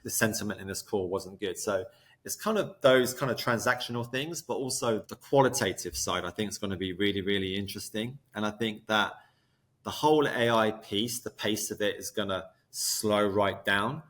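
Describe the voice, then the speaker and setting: Man, lowish voice, thoughtful, explains step by step, interview chat. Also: moderate pace, fairly bright tone. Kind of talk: conversational interview talk.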